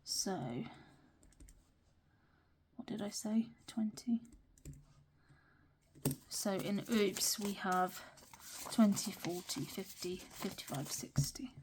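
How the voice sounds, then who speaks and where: Whispering in a mid-range voice, slowly and with long pauses, a young British budgeting vlogger chats casually. She counts cash into budget envelopes, often murmuring numbers under her breath.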